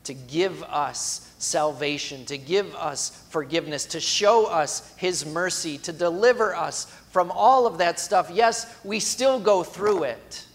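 Dynamic preaching man, fairly high voice. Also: slow pace, hardly any pauses, in a large hall. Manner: dynamic preaching, swinging from loud emphatic cries to quiet hushed lines; acts out imagined quotes in conversational voices. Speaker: pastor. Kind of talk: sermon.

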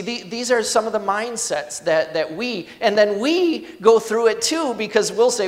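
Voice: medium pitch, lively intonation, normal speed, long reverb tail. A pastor preaching a sermon in a conversational, emphatic way, asking the congregation rhetorical questions.

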